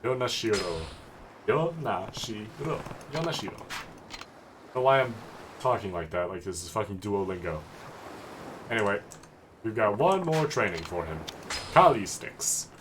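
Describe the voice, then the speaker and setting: A man's voice: fairly low pitch, lively intonation, unhurried, pauses often, background noise. A man giving casual, joking commentary as he plays a video game, swearing freely. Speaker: streamer. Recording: game music behind voice. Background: game music.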